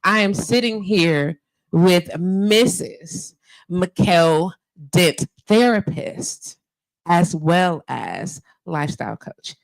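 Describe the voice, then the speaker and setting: A woman's voice: fairly low pitch, animated, very slow, creaky, no room sound, low-quality recording. A woman in her fifties hosting a live radio show from home, chatting casually and emphatically with lots of slang. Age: 50s. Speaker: show host. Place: home studio. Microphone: handheld mic at home.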